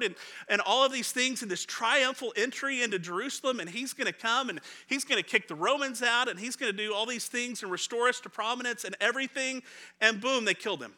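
A middle-aged pastor delivers a sermon in a conversational, animated style, voicing the people in his story and laughing now and then. His voice is very high and brisk, and he laughs often, repeating words when he restarts.

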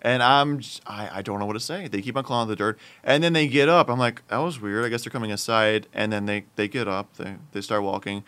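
A young man casually telling a story from his fast food job to friends, getting animated and loud at the peaks. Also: lowish voice, smooth. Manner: animated, builds up to loud exclamations. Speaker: storyteller in a group chat.

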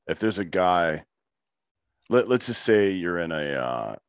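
Blunt low-voiced man, dry sound. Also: very animated, measured pace, smooth, no room sound. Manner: blunt and emphatic, swears casually. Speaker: podcast guest. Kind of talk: conversational interview.

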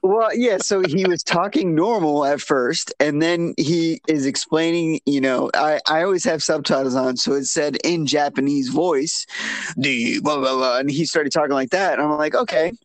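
A man co-hosting a casual film review podcast, rambling and restarting his sentences, turning animated when he is incredulous. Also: on the high side, normal speed. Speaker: podcast co-host.

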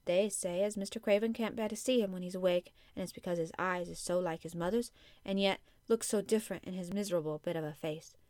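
Gentle country boy, calm coaxing delivery, woman narrator playing him, dry audio. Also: on the low side, quick pace, no echo, close to an everyday voice. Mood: earnest. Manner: broad dialect, calm and coaxing. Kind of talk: audiobook character reading.

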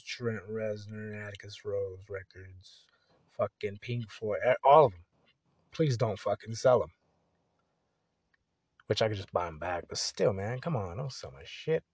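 Profane rambling podcast guy, low voice. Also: a little mellow, no echo. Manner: profane, rambling, laid-back. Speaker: podcast host. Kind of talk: casual solo podcast monologue.

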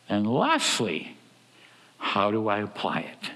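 Man, preacher, sermon, animated delivery, mid-pitched voice, long hall reverb. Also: measured pace. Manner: animated, acts out quoted voices with big swings in pitch and loudness.

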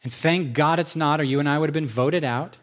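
A man's voice: fairly high pitch, a little fast. A male pastor preaching a sermon, listing points, repeating them for emphasis and making joking, self-deprecating asides.

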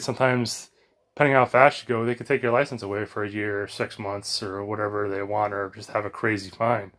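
A man's voice: lowish voice, steady tone, a little fast, a bit bright. An American man rambling in a casual monologue at home, sweaty from exercise, full of fillers and restarts. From United States. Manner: chatty, meandering, frequent fillers and restarts. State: sweaty and warmed up after exercise. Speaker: vlogger. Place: home bedroom.

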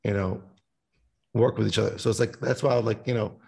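Gravelly rambling man talking music. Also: fairly low pitch, steady tone, fast, a little mellow. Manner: rambling, swears a lot, sings snippets. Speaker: musician guest. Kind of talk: casual podcast chat.

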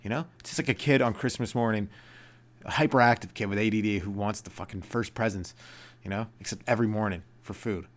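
A young man hosting a solo comedy podcast, rambling and swearing as he acts out other people in high put-on voices. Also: fast talker. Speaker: podcast host.

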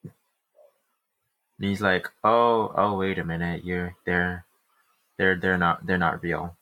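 Low-voiced man recapping a book. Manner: animated retelling with quick restarts. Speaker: podcast co-host. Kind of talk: casual book-club podcast recap.

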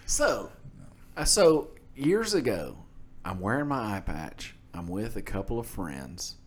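A man's voice: on the low side, big pitch swings, takes it slowly, slightly rough. A man from South Mississippi co-hosting a casual podcast, telling a story with a voice that rises and falls a lot. He laughs often and keeps his delivery loose and chatty. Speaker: podcast co-host.

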